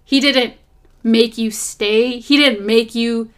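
Podcast host, woman, casual and animated faith talk, drifts off topic, phone memo sound. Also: on the high side, slow pace, clear, resonant tone. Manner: rambling and animated, drifting off topic, lots of fillers.

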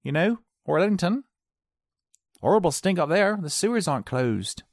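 A man's voice: sits high, very animated, moderate pace, no echo, studio quality, pitched above the performer's own voice, exaggerated voice. A man voicing a fussy small-town local who complains in a folksy, gossipy way. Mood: grumbling.

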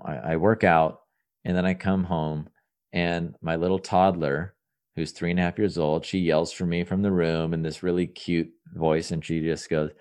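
A man in his thirties with a deep, low voice talks in a casual podcast interview. He rambles upbeat and earnest, stumbling over restarts and repeated words as he goes. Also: a little mellow. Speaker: entrepreneur guest.

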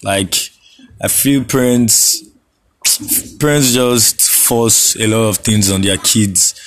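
A man's voice: fairly low pitch, slow. A young Nigerian man hosting a casual solo podcast, laid-back, laughing often and slipping into Pidgin phrases. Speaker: podcast host.

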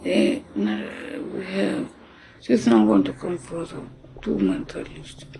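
A storyteller with an Indian English accent, talking casually and haltingly, acting out the dialogue and switching into Hindi now and then. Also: medium pitch, sing-song, gravelly, dark tone, a little hiss or hum. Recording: music playing behind the voice.

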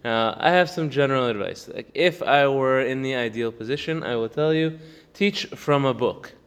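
A man's voice: medium pitch, clean tone, in a large hall. A man giving a casual Torah class, reading a text aloud and explaining it in English, often laughing. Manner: reads quickly in Hebrew, then explains in English with laughs. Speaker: Torah teacher.

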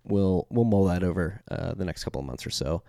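Philly guy podcast host, deep voice, rambly chatty ad read, lots of ums. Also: fairly quick, dark tone, no echo, studio quality. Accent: Philadelphia. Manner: loose and chatty, many ums and restarts. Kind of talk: casual podcast intro and ad reads.

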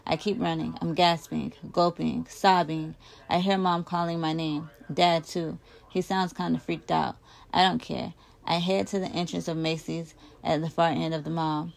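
A woman reads a first-person novel aloud, her voice low-pitched and full of gravelly fry. She reads expressively, getting louder when the characters shout. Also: level tone, moderate pace. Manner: emotive, raises volume for shouted lines. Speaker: audiobook reader.

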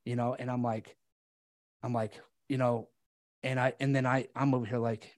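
A man on a podcast telling a painful personal story candidly, halting with fillers and restarts, sometimes swearing. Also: mid-range voice, a little mellow, no room sound. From United States.

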